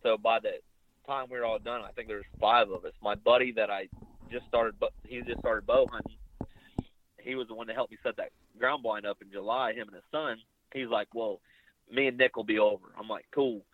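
A young bowhunter, a guest in a casual storytelling interview, recounts a hunting tale loosely and animatedly, slipping in and out of the lines people said to him. His lowish, brisk voice sounds squeezed and tinny, as though on a phone line, and it's dead dry with no room sound at all.

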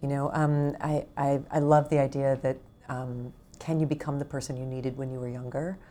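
A woman's voice: a bass voice, level tone, moderate pace, slight background noise. A middle-aged woman author talking earnestly and intimately about self-compassion in a casual conversation. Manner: earnest, warm, gently intimate. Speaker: author guest.

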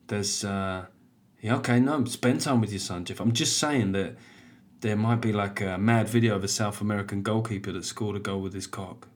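A man, hosting his podcast in a loud, animated, self-mocking comic monologue with plenty of swearing. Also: fairly low pitch, fairly quick. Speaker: podcast host and stand-up comedian.

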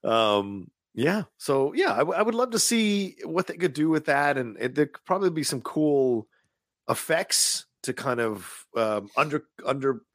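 A man co-hosting a casual movie chat, animated and profane, laughing often. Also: on the high side, a little slow, dry recording, clean studio sound.

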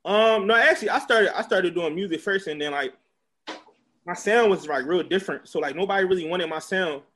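Young man, philly accent, quick rambling talk, slightly high voice, casual interview. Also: a bit bright. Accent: Philadelphia. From Philadelphia. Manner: laid-back, filler-heavy rambling. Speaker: interview guest, music promoter.

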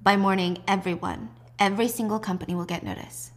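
A cold, menacing crime boss, played by a woman narrator speaks low and quietly. His lines come out clipped, each one a flat threat. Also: brisk, close to an everyday voice. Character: ruthless middle-aged male assassin-firm boss.

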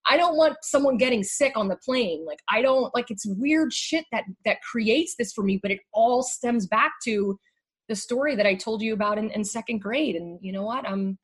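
Husky middle-aged woman speaking candidly. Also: fairly high pitch. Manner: candid, halting, restarts often. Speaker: guest sharing her story. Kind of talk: emotional personal conversation.

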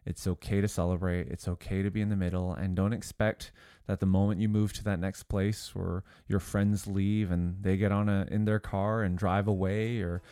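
A man's voice: deep voice, level tone, normal speed, few pauses, mellow, no room sound. A man co-hosting a podcast, speaking in an earnest, reassuring way with faith-based encouragement. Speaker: podcast co-host. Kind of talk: casual podcast chat with encouragement.

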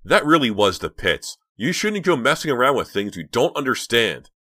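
A man voicing an anxious teenage girl who is quick to anger, in an audiobook, with a raised, strained delivery. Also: lowish voice, animated, no room sound, clean studio sound, pitched above the performer's own voice, close to an everyday voice. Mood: furious. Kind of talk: audiobook character voice.

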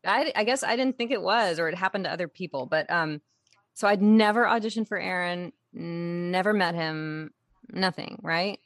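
An actress talking through her story in a loose interview, animated and quick to laugh. Her voice sits a little low for a woman. The sound is dry, with no room echo. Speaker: actress guest. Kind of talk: casual interview chat.

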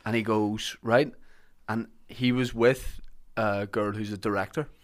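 A man's voice: on the low side, steady tone, unhurried. A Northern Irish man hosting a podcast, chatting casually and telling rambling anecdotes with frequent laughs. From Northern Ireland. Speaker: podcast host. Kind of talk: casual chat.

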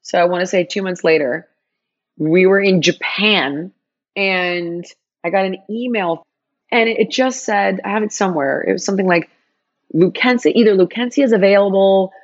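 A woman telling a personal story in an interview, animated, acting out quoted dialogue with big jumps in her voice. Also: mid-range voice, moderate pace, highs cut off.

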